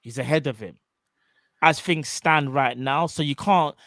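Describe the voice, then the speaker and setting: A man co-hosting a live fan show, talking in a joking, emphatic, animated way. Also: on the high side, measured pace, no room sound, studio quality. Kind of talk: casual live-stream chat. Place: home studio.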